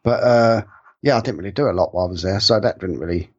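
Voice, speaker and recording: A man's voice: low-pitched, fast, darkish tone, breathy edge, dull audio. A man with a London accent, chatting as a podcast guest and often stammering and restarting. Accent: London English. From England. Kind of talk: casual podcast chat.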